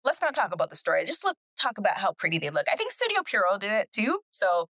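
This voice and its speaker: A woman co-hosting a casual podcast chat, chatty and quick to laugh, often trailing off mid-thought. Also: medium pitch, very animated, fairly bright tone, no echo. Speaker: podcast co-host.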